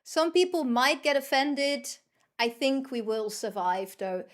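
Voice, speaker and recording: Lady streaming a game, chatty, talks kinda slow and high. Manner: chatty, reacts aloud to the game. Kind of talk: casual chat while streaming a game.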